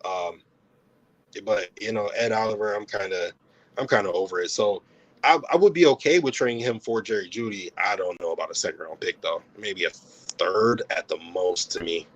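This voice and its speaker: A man talking as a guest on a sports podcast, relaxed and a little hesitant, with frequent restarts. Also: fairly low pitch, normal speed, lo-fi sound. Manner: relaxed, hesitant, laughs easily. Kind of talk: casual sports talk.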